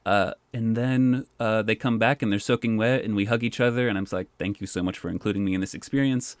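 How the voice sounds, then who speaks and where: A man with a lowish voice tells a long anecdote in an easy, chatty way. His speech is full of "like" and quick restarts, and the sound is dry and close with no room in it. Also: dry recording. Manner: animated, says "like" often. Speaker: park poet, guest. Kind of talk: casual storytelling.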